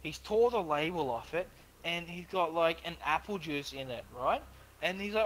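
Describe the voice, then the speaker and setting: Australian man, high voice, crude and rambling, headset chat, background noise. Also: expressive, normal speed, a bit bright. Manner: crude, laughing, rambling storyteller. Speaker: gamer in party chat. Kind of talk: crude banter and storytelling. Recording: noisy voice chat line.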